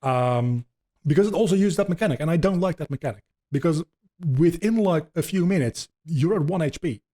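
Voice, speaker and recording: A man's voice: on the high side, expressive, brisk, warm tone. A man hosting a podcast, rambling casually with many ums and swears as he explains video game lore. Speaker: podcast host.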